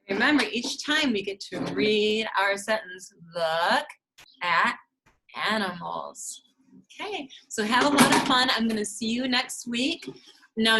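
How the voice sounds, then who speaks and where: A woman speech therapist teaching preschoolers, talking in a sing-song, drawn-out way and clapping out syllables. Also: mid-range voice, sharp tone, rough recording. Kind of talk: slow, sing-song teaching to young children.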